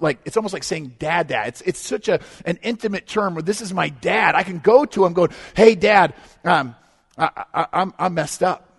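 Male pastor, high tenor, lively conversational sermon delivery, reverberant church hall. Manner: animated, conversational preaching with humor and rhetorical questions. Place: church sanctuary.

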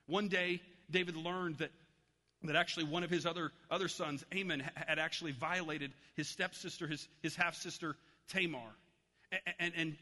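A man's voice: fairly high pitch, sharp tone. A man preaching a sermon, telling a story and acting out its voices. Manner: storytelling, acts out voices in anecdotes. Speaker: pastor. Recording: long hall reverb.

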